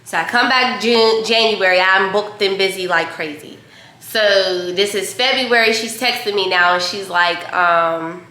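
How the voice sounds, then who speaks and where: A young woman from Pittsburgh, a hairstylist, telling a story casually to her viewers while she cooks in her kitchen, chatty and animated. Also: medium pitch, unhurried, reverberant. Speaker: vlogger and hairstylist. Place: home kitchen.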